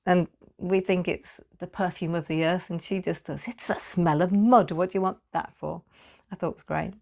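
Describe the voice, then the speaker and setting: A British woman, a perfumer, talking casually about perfume materials. She is chatty, laughs often and repeats her words when she gets excited. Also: medium pitch.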